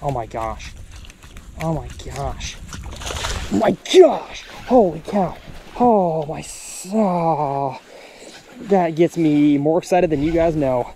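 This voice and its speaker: An excitable man with a drawl narrates his fishing trip from a boat, his pitch leaping wildly as he cheers and coaxes the fish. His voice is warm and mellow, with faint outdoor noise behind him. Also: takes it slowly, long pauses. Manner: excitable, exclaims and talks to the fish. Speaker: fishing channel host. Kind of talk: excited fishing vlog commentary.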